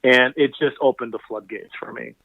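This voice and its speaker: A man on a dry, narrow phone line, speaking at an ordinary middle pitch. He is a physical therapist guest telling animated stories and quoting the people in them. The line sounds thin and tinny, with no room around his voice. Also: fairly quick, creaky, no room sound. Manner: animated anecdotal storyteller, quotes people in voices. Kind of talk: conversational interview storytelling.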